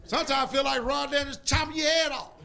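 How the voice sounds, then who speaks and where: A man preaching a sermon as pastor, fervent and rising into shouts. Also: extremely high pitch, little pitch movement, quick pace, gravelly.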